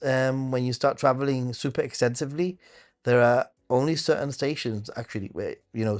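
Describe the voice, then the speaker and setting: A man at a middle pitch hosts a live question-and-answer stream, working through viewer questions at an easy pace. He thinks aloud as he goes, with frequent hesitant fillers and small restarts. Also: a little mellow. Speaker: host of a travel channel.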